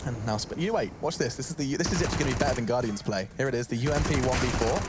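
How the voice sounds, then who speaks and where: Male esports play-by-play caster, mid-pitched, energetic, over clear background noise. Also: racing. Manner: shouts and strains high in big moments, then easy banter. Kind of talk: excited play-by-play commentary.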